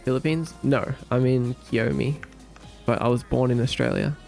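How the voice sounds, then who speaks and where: A man with a gravelly voice chats casually with his live-stream audience, reading their messages aloud and joking back at them. His voice sits at a middle pitch, and faint music plays in the background. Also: moderate pace, a little mellow. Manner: joking, reads and answers chat.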